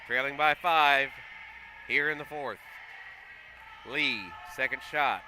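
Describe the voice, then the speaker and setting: A man calling a school basketball game play by play, getting excitable and loud on big plays. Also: mid-range voice, slow pace, a little hiss or hum. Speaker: play-by-play commentator. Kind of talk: live basketball commentary. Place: school gym.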